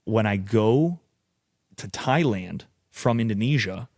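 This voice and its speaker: Gravelly-voiced young man telling wild stories. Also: lowish voice, slow, no room sound, studio quality. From United States. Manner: casual, profane, animated storyteller. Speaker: podcast guest. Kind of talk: casual storytelling. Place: podcast studio.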